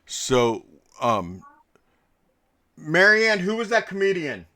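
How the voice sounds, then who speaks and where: Man game master rambling a story, keeps saying okay, bright bouncy voice. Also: high voice, very animated, slow, no echo. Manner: rambling storyteller, lots of "okay?" check-ins. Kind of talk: casual table chat.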